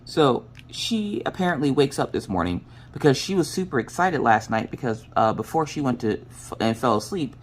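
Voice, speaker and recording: A woman with a notably deep voice, slightly crackly from the early hour, chats to her viewers while she crafts. She tells her story in an animated, casual way and swears freely along the way. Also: moderate pace, hardly any pauses. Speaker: crafting vlogger.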